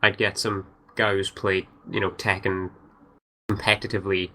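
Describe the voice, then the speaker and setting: A man co-hosting a gaming podcast, talking in a halting way, full of "you know" and restarts. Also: sits low, flat delivery, sharp tone, a little hiss or hum, poor audio. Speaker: podcast co-host. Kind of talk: casual gaming chat.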